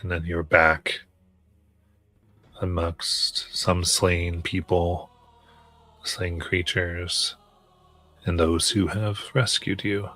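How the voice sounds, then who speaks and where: Game master narrator: a man, low and steady, keeping an even tone. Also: faint music behind. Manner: measured, descriptive scene-setting.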